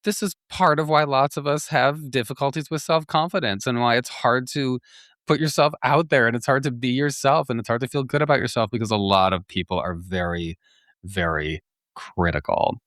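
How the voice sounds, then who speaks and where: A man hosting a podcast, telling a story in a chatty, animated way, laughing often and restarting his sentences. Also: mid-range voice, moderate pace, no echo, clean studio sound. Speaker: podcast host. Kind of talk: casual storytelling monologue.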